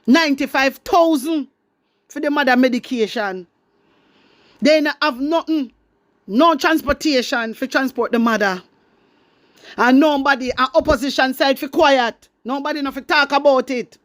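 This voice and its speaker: A woman's voice: high voice, normal speed, no echo, clean studio sound. A Jamaican woman ranting in patois to her followers, indignant and emphatic, hammering her points by repeating them. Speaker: online commentator addressing her followers. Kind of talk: heated social-media rant.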